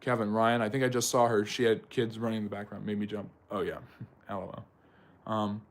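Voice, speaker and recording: A man's voice: fairly low pitch, level tone, brisk. A man hosting a live history Q&A stream. He answers viewers by name and explains at length, with frequent ums and self-corrections. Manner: talks directly to chat viewers by name. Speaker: history channel host.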